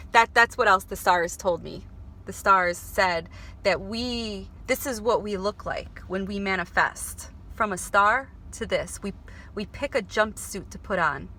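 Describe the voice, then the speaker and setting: Vlogger, woman, bright tone, earnest and halting, faint background hum. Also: medium pitch. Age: adult, married. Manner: earnest, emotional, halting with restarts. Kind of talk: spiritual vlog monologue. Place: before going to work.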